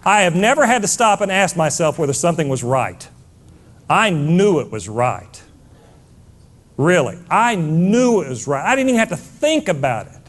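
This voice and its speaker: Man, middle-aged, keynote speech, blunt, emphatic, talks to the crowd as folks, high voice. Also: very animated, moderate pace. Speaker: motivational speaker. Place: stage before a live audience.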